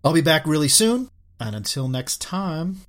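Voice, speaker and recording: A man hosting a casual comic book podcast, chatty and earnest, often trailing off softly. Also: a little high, very animated, moderate pace. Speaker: podcast host.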